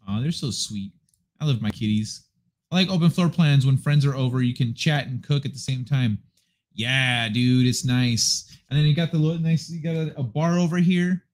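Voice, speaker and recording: A man's voice: mid-range voice, moderate pace, darkish tone. A man hosting a livestream from his apartment living room, chatting casually to viewers at a desk microphone in a rambling, laid-back way with plenty of swearing. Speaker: livestream host.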